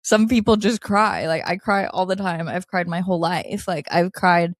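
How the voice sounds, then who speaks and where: A woman co-hosting a casual advice podcast, talking in an animated way with frequent laughs and reading listener letters aloud. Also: lowish voice, normal speed, no echo, clean studio sound. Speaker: podcast co-host.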